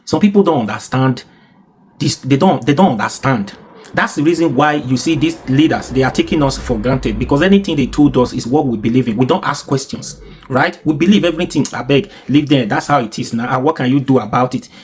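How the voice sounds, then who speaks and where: A man's voice: medium pitch, fairly quick, darkish tone, slight background noise. A young Nigerian man with a Nigerian accent giving an indignant, repetitive rant as a commentary vlogger. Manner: indignant, repeats himself for emphasis. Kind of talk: ranting social commentary.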